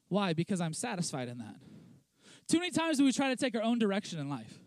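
A young man, a pastor, preaching a conversational sermon with many restarts, dropping into a lower, quieter voice for quoted lines. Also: huge pitch swings, fast talker, no echo. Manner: conversational, lots of restarts and "let's be honest" asides.

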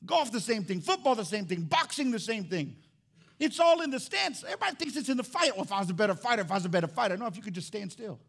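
Animated high-voiced preacher man. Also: vocal fry. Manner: animated, swings from loud emphasis to hushed low lines. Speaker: pastor. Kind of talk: sermon. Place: church service.

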